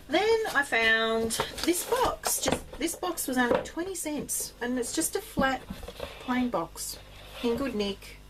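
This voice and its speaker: An Australian woman chatting casually in a rambling vlog about her craft finds, full of ums, with bursts of excitement. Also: medium pitch, background noise. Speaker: craft vlogger.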